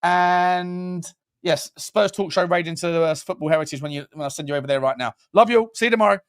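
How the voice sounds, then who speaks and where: Male host, high and gravelly voice, loose jokey banter. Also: brisk. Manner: laughing, banter-heavy, swears casually. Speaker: podcast host. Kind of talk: casual fan phone-in chat.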